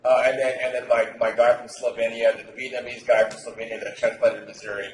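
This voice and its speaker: Loud emphatic man in a roomy echo. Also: mid-range voice, flat delivery, quick pace. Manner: loud, emphatic and profane, projecting hard. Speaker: dating coach. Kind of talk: animated podcast talk. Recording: roomy echo, faint noise.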